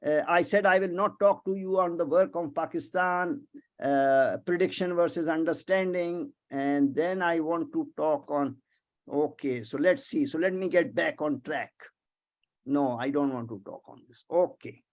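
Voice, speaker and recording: A man giving a webinar lecture as a visiting professor, emphatic, animated and prone to digressions, over a video call. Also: fairly high pitch, unhurried.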